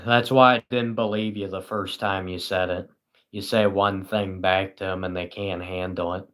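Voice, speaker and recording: A man's voice: sits low, flat delivery, moderate pace, a bit bright. A tired British man hosting a livestream, chatting casually and reading viewers' comments with dry, self-mocking sarcasm. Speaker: livestream host.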